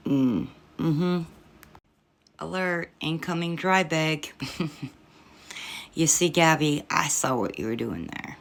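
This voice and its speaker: Middle-aged woman, very deep and gravelly voice, sarcastic and lecturing commentator. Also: takes it slowly, long pauses. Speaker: social media commentator. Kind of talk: critical reaction commentary.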